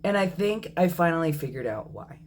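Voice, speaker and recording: A man in his thirties talking candidly in a personal video diary, reflective and apologetic, often pausing with ums and correcting himself. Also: on the high side, big pitch swings, a little hiss or hum. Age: 30s. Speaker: vlogger.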